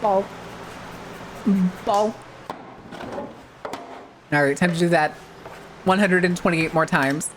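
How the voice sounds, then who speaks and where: A woman's voice: lowish voice, slow, long pauses, faint music behind. A woman VTuber streamer in casual, rambling live-stream chat, swearing freely and using plenty of filler words.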